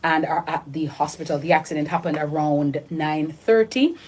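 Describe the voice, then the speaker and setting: A woman's voice: low-pitched, moderate pace, a little mellow. A woman radio news host with a Jamaican accent, talking live in a chatty way with fillers.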